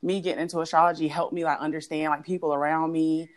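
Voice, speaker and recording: A woman's voice: low voice, level tone, fast talker. A woman guest on a podcast, chatting casually about her interest in astrology with lots of giggles and fillers. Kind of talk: casual chat.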